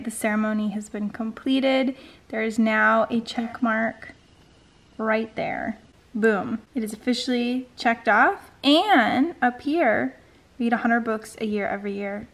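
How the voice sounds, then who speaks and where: A woman's voice: on the high side, unhurried. A young adult woman talking in a casual personal vlog, candid and reflective, with lots of "like" fillers. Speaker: vlogger and startup founder.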